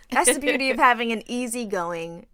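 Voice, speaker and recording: Animated, blunt woman co-hosting a podcast. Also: fairly high pitch, moderate pace. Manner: animated, blunt, laughing, profane. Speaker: podcast co-host. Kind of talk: casual chat.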